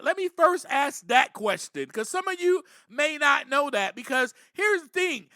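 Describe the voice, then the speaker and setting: Very high-voiced, slow, earnest man. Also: pushed and bright, dry recording, clean studio sound. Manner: earnest, repeats "you know", stresses words with bursts. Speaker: podcast host. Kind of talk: reflective spiritual recovery talk.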